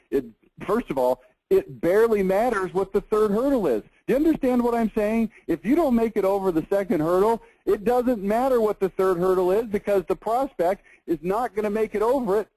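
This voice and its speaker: A man giving a lively marketing seminar lecture, emphatic and animated, often checking in with "okay?". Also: high-pitched, no echo, poor audio.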